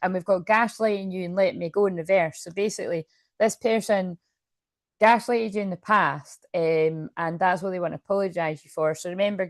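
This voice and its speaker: A woman's voice: lowish voice, no echo. Woman doing a tarot reading, kinda rambly, talks to herself a lot, dry close sound. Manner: chatty, rambling, self-interrupting with laughs. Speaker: tarot card reader. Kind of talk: casual tarot reading to camera.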